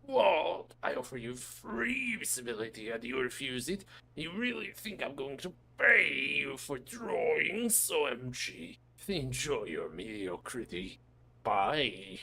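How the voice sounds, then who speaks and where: A man's voice: medium pitch, unhurried, lightly acted. A man voicing a vain, pushy young influencer who talks down to people. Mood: indignant. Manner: smug, condescending.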